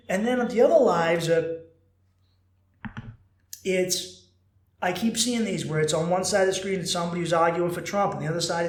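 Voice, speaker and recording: A man's voice: a little high, reverberant. A man hosting a podcast in a casual monologue, telling stories animatedly, swearing freely and acting out the people he quotes. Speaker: podcast host.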